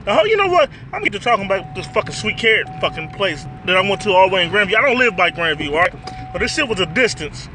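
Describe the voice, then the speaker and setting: A man's voice: sits high, fast, sharp tone, slight background noise. A man doing a casual food review vlog from his car, talking bluntly and profanely as he rants about the food.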